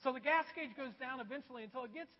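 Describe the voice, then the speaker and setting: A man with a strikingly high voice delivers a sermon, spinning a funny self-deprecating anecdote for his congregation. The sound is dull and muffled, and a long hall reverb trails behind each phrase. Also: rapid-fire. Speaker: pastor. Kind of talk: sermon with personal storytelling. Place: church.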